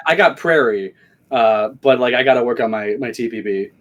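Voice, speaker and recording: A man's voice: medium pitch, moderate pace, fairly bright tone. A Canadian man with a Canadian accent, joking and swearing freely in casual podcast chat.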